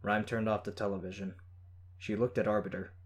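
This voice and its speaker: A man reading a first-person story in a steady, measured way. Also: fairly low pitch. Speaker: audiobook narrator. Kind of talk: scripted first-person narration.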